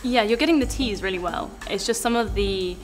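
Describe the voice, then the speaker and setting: A woman's voice: medium pitch, brisk. Posh english woman teaching accents, laughs a lot, bit of music underneath. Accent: Southern English, near received pronunciation. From England. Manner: giggly, encouraging. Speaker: accent coach guest. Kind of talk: casual chat, coaching pronunciation.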